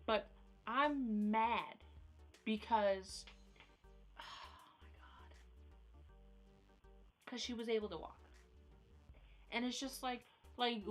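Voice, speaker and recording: A woman's voice: a little high, slow, long pauses, soft background music. A young woman ranting in a casual vlog, exasperated and repetitive, filler-heavy, recorded on a phone camera at home. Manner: exasperated ranting, repeats herself, many "like"s. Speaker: vlogger.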